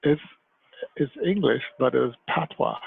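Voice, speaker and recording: A Jamaican-born man telling stories from his life as an interview guest, in an animated way. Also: medium pitch, normal speed, creaky, husky. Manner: animated storyteller, slips into mimicked voices. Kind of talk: conversational interview storytelling. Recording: tinny phone-like line, dry.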